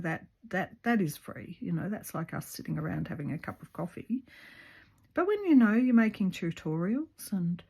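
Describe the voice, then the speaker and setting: A woman's voice: mid-range voice, expressive, moderate pace, vocal fry, a little mellow, breathy edge. A woman chatting casually at home while she stitches, rambling along with lots of ums and restarts. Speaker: craft video maker. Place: her home.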